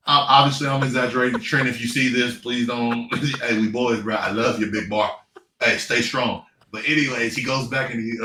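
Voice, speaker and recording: A man in his thirties, a former pro football player, telling lively stories with laughs and playful trash talk in a casual interview. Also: mid-range voice, a little fast. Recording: echoey room, distant mic, faint noise.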